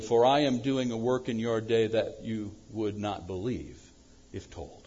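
A man preaching a sermon as pastor, swinging from loud acted-out prayers to low, quiet asides. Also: measured pace, dull audio. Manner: animated preaching, acting out prayers loudly then dropping low.

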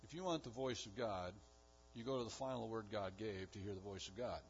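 A man's voice: fairly low pitch, brisk, slight background noise. A man preaching a sermon, building emphasis with repeated phrases. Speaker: pastor. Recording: dull lo-fi recording.

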